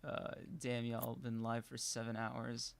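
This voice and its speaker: A man's voice: mid-range voice, unhurried, creaky. A young man co-hosting a casual live-streamed podcast, telling rambling stories full of fillers and restarts. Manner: rambling, animated storytelling with many fillers. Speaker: podcast co-host.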